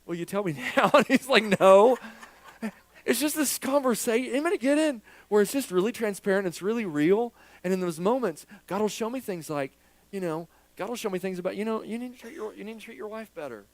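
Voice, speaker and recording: A man's voice: high-pitched, fast talker, a little mellow, rough recording. A man preaching a sermon as a pastor in church, candid and self-deprecating, joking with his congregation.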